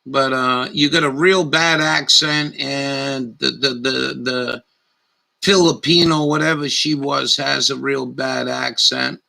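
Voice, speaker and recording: A man's voice: mid-range voice, steady tone, slow pace, gravelly, bright, forceful tone, low-quality recording. A man giving scornful, profane live commentary over news footage, rambling as he goes. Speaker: livestream commentator.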